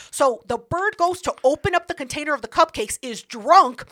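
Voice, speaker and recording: A woman hosting a podcast, telling a story in casual chat, loud and profane, acting out the people she quotes. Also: sits high, animated, normal speed, few pauses, no room sound, studio quality. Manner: loud, profane, laughing, acts out quoted voices. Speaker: podcast host.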